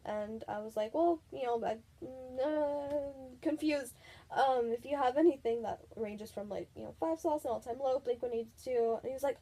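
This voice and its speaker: A woman's voice: fairly high pitch, a little fast, mellow. A young woman vlogger chatting casually through a funny story, with lots of filler words and giggles.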